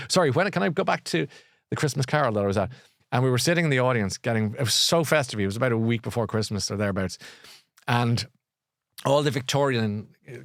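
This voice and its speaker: A man's voice: mid-range voice, no room sound, clean studio sound. Chatty man hosting a live show. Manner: chatty and enthusiastic, with frequent restarts. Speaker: host of a live book and culture show.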